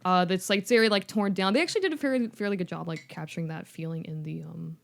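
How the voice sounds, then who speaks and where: A woman's voice: fairly low pitch, gravelly. Chatty woman animatedly retelling a story. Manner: animated, chatty, many fillers, quick voices for characters. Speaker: podcast co-host. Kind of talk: casual chat, retelling a story.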